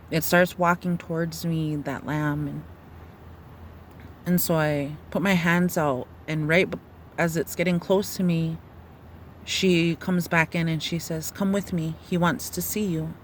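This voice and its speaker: A woman retelling a dream in a halting, searching way, with many fillers and restarts. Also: deep voice, slight background noise. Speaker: storyteller. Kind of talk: personal testimony of a dream.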